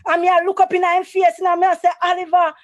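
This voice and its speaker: High-voiced Jamaican woman telling a story. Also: quick pace, dry recording. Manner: animated Jamaican patois storytelling. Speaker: guest. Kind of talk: storytelling on a video call. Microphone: video call.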